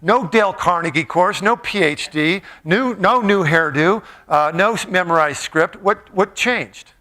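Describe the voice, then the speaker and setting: A man's voice: high-pitched, a little slow, bright, forceful tone. A man giving a playful, jokey motivational talk, quizzing a live audience in a large room. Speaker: motivational speaker.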